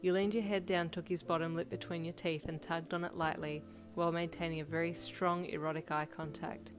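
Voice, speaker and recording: A woman narrating a second-person fan fiction audiobook in a steady storytelling read. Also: on the low side, a little fast. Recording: loud music bed under voice.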